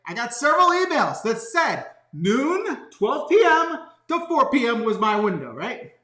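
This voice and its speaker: A man's voice: very high-pitched, big pitch swings, a little slow, bright, forceful tone, echoey room. A man ranting casually in a vlog from his home studio, tagging nearly every point with a questioning "okay?". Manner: rants, constantly adding "okay?". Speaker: vlogger.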